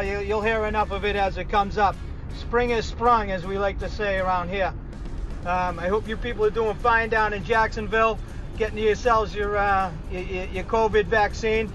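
Rambling Boston man, high flat voice. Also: poor audio. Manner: rambling, many fillers and restarts. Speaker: regular segment contributor. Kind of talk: casual phoned-in update.

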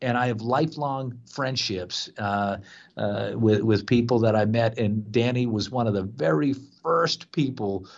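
A man's voice: medium pitch, a little slow, gravelly, muffled recording. A man in his fifties, from Boston, hosting a radio show and telling rambling stories with many fillers. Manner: rambling, chatty, frequent fillers. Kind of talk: casual radio storytelling.

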